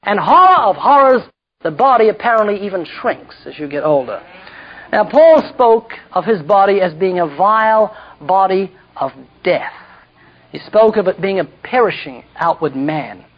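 A man's voice: high-pitched, lively intonation, moderate pace, slightly rough. A man preaching a humorous sermon with storytelling, jokey asides and self-mocking slips, heard in a dull lo-fi recording.

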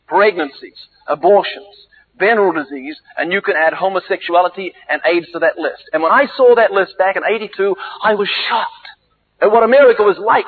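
A man preaching a sermon, telling stories theatrically with sudden leaps in pitch and volume. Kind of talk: sermon with dramatic storytelling. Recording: tinny, phone-like lo-fi recording.

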